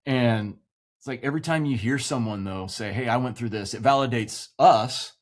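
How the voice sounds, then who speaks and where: A man's voice: medium pitch, normal speed. A man in his forties, a military veteran, animatedly telling a personal story in casual podcast chat, swearing freely and acting out quoted voices. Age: 40s.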